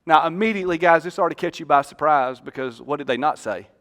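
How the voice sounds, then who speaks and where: Bright-voiced pastor telling a story. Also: male voice, a little high, quick pace. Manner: storytelling, animated, jokes with the congregation. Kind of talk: sermon. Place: church stage in front of a congregation.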